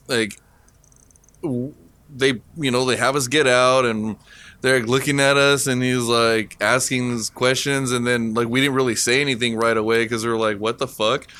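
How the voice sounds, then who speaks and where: A man's voice: medium pitch, sharp tone, no echo. A man co-hosting a casual podcast, telling a story with lots of swearing and laughter. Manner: profane, laughing anecdote-teller. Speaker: podcast co-host.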